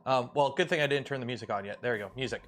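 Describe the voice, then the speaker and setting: A man's voice: mid-range voice, very fast, a bit bright, a little hiss or hum. A man from Canada hosting a casual livestream, rambling and joking with lots of fillers while he builds. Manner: rambling and jokey, with many fillers and restarts. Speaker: livestream host.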